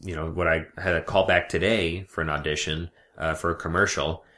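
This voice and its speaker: A man's voice: deep voice, fairly even intonation, brisk, bright, forceful tone. A man, an actor, in casual chat, joking and laughing often. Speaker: actor looking for work.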